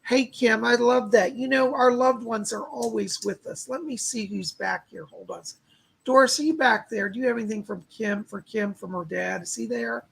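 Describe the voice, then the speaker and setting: A man's voice: very high-pitched, moderate pace, vocal fry, breathy edge. A man working as a psychic medium on a live stream. He leads a guided visualization and relays spirit messages with constant "he said" asides. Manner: talks listeners through a meditation in calm steps.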